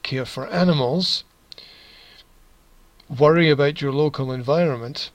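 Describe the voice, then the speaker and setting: A man's voice: a little high, a little slow, no room sound, poor audio. A man teaching English, reading a news text aloud and adding sarcastic, chuckling asides.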